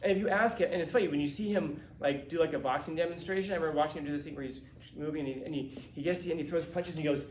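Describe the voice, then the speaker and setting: A man's voice: a little high, rapid-fire, few pauses, reverberant, a little hiss or hum. A male teacher giving a classroom lecture in a casual, slangy way, acting out quotes as he talks.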